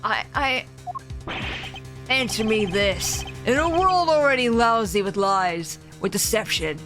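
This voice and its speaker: A woman's voice: a little high, expressive, slow pace, a bit bright. Woman reading a stuck-up villain president from a game, big grand speeches, game music going. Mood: pompous. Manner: grandiose, commanding declarations. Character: haughty male head of state, villain.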